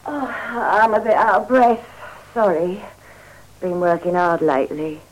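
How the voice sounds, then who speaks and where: Brassy prostitute, brisk. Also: female voice, fairly low pitch, lively intonation, slightly rough, exaggerated voice, rough recording. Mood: chatty. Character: brisk, world-weary London prostitute woman, businesslike. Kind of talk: radio drama acting.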